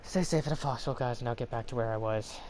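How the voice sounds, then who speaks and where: A man's voice: mid-range voice, quick pace. Goofy let's-play man, noisy background. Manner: goofy, talks to himself, jokey mock accents; bursts into loud panicked yelling. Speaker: gaming video host. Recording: clear background noise.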